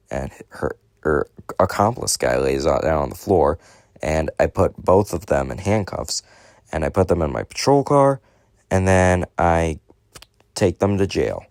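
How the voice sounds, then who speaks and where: Guy with a real low voice rambling thru a fake stand-up story, deadpan, dry sound. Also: no room sound. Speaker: comedian telling a story.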